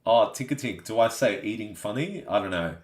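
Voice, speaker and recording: Speaking briskly with a lowish voice and lively intonation, an Australian man runs a live stream from an echoey room. He's chatty and easygoing, reading viewer comments aloud, answering them, and saying "you know what I mean" a lot.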